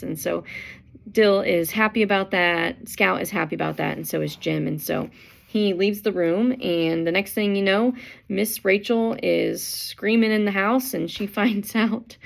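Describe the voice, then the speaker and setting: A woman's voice: lowish voice, gravelly. A woman teacher casually summarizing a book chapter, chatty and full of fillers, acting out quotes as she goes.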